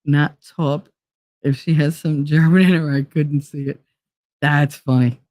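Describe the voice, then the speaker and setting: A woman's voice: sits low, fairly even intonation, unhurried, dark tone, dry recording, studio quality. A woman with a New Jersey accent, tired from lack of sleep, chatting casually and profanely with her live chat and drifting off topic. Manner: rambling, profane, easily sidetracked. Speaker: livestream host.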